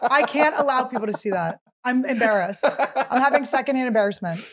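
A woman in her thirties hosting a podcast, telling a comic story in a casual, animated way and acting out what other people said. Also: sits high, fast talker. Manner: animated, acts out others' quotes, shrieks while teasing. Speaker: podcast host.

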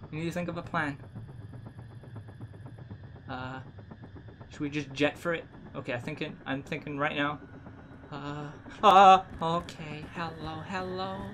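A man commentating a horror game as he plays, jumpy and swearing, shouting when scared. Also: a little high, background noise. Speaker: gaming video creator.

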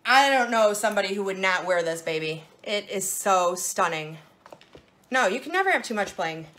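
A woman's voice: mid-range voice, expressive, normal speed, fairly bright tone. A woman hosting a casual live jewelry sales show, bubbly and playful, gushing over each piece.

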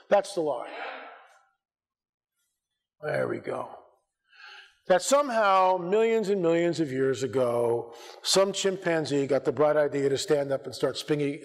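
A man giving an animated, joking, dramatic sermon-style talk as a conference speaker in a church auditorium. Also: high-pitched. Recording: long reverb of a large hall.

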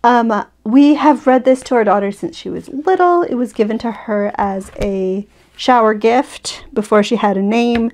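A woman in her thirties gently reading a bedtime picture book aloud, with a soft voice and hesitant fillers. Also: fairly high pitch, a little slow. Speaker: video creator reading a book.

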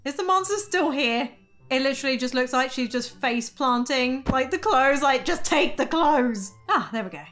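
A young woman commenting on an animated story video with giggly, incredulous running remarks. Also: high voice, moderate pace, faint music behind. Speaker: gaming reaction YouTuber. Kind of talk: reacting to an animated story with voiced lines.

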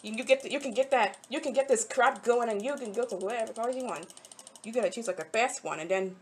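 A woman's voice: a little high, quick pace, slight background noise. A young woman giving casual, rambling commentary while playing mobile games, talking to the characters and getting frustrated. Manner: rambling, talks to game characters, easily frustrated. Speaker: mobile game channel host.

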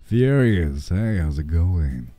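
A deep-voiced man with a slightly hoarse, raspy edge chats and jokes with his stream audience. His dark, mellow tone swings widely in pitch as he rambles, with faint music underneath. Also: sing-song, slow pace. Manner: rambling, joking, talks to chat. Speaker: livestreamer. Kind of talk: casual livestream chatter.

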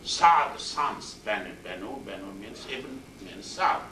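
Lively in intonation, with a fairly low, bright and forceful voice, this man leads a classroom tafsir lecture in a mosque, breaking down Arabic words individually, repeating terms and reeling off verb forms fast. Echo, a distant mic and a faint hiss color the recording.

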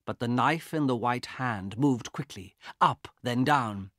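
A man narrating a graded-reader audiobook in slow, clear, deliberate reading. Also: medium pitch, a bit bright, dry recording, clean studio sound.

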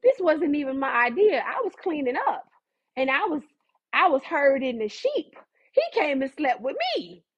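A woman's voice: high voice, sing-song, normal speed, dull audio. A woman voicing a wronged young slave woman who protests indignantly and pleads her case.

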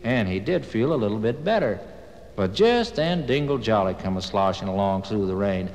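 A man's voice: fairly low pitch, very animated, moderate pace, darkish tone, big-room sound, low-quality recording. A man narrating a children's tale in a homespun, yarn-spinning way. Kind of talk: folksy storytelling.

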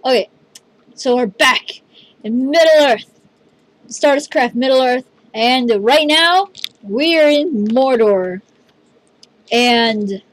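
A woman hosting a gameplay video with a fairly high voice. She talks in an excitable, rambling way, leaning on "dude" as she reacts. Her delivery is loose, casual commentary. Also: no room sound, poor audio.

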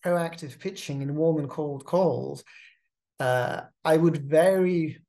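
A host giving a measured, advisory talk on pitching, often repeating words as they restart a phrase. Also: mellow. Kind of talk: instructional monologue.

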